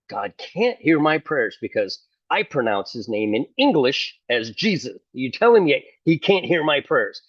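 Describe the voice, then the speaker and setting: A man's voice: medium pitch, very animated, a little slow, hardly any pauses, husky, no room sound, dull audio. An older man preaching casually to camera, sarcastic and fond of mocking others in put-on voices. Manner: sarcastic, mimics opponents in mock voices. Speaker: online preacher.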